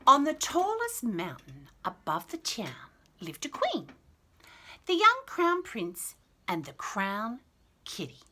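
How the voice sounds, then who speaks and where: A woman's voice: a little high, huge pitch swings, slow pace, pushed and bright. A woman reading a children's picture book aloud as a storyteller, with chatty, giggly asides.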